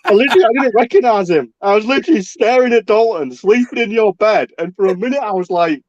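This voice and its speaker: A man in casual chat, an animated storyteller who acts out the dialogue. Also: sits high, fast, few pauses, no echo. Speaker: stream guest. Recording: dry, dull lo-fi audio.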